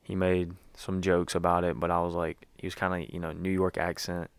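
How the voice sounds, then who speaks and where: A man's voice: low voice, little pitch movement, brisk, gravelly, clean tone, dry recording. A young man giving a rambling, casual recap as a sports fan, with lots of fillers and restarts.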